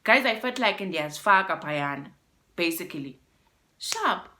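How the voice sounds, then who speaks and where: Woman, South African accent, young adult, casual storytime vlog, lowish pitch, bright edgy tone. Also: unhurried. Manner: animated, mixes in isiXhosa phrases, addresses viewers as guys. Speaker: YouTuber.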